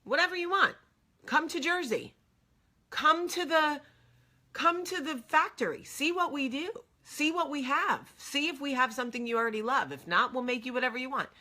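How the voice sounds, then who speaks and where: A woman acting out a brash middle-aged businessman on the phone, loud and raised high above her own pitch. He fires off promises in rapid bursts, pushy and eager to help. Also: heavily acted. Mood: insistent, excited. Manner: pushy, generous, rapid-fire.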